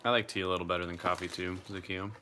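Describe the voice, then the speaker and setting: A man's voice: low voice, flat delivery, racing, bright, forceful tone, slight background noise. A young man casually chatting on a live stream, reading out viewer comments and swearing freely.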